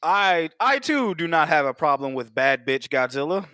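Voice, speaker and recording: A high-voiced man talking a movie over in a loose podcast chat, swearing freely and throwing himself into the retelling. His tone is bright and sharp, and the recording is close and dry. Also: moderate pace, clean tone, no room sound. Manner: profane, animated, acts out monster voices. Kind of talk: casual movie review chat.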